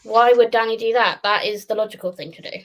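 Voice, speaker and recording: A young woman joins a casual online chat with a slightly high voice. She talks loudly, swears freely and laughs often. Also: fairly even intonation, fast talker. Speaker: book club guest.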